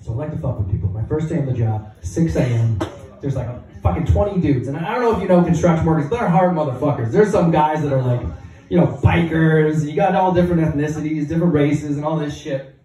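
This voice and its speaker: Brief: young stand-up guy, animated and crude, high voice, distant mic. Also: quick pace. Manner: profane, animated storytelling. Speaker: stand-up comedian. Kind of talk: stand-up comedy set. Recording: echoey hall, mic heard from afar.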